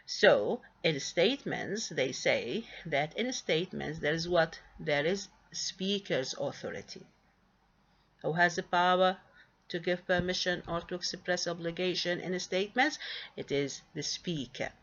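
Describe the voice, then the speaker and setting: A woman's voice: lowish voice, animated, unhurried, a bit bright, muffled recording. A woman teaching an English grammar lesson, often asking a question and answering it herself, with frequent fillers. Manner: asks and answers her own questions, with many fillers.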